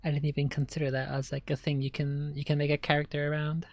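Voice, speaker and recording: Woman streamer, casual reaction chat, gravelly fry, dry close mic, rambling. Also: low-pitched, completely flat delivery, fast, darkish tone, dry recording. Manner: chatty, rambling, giggly.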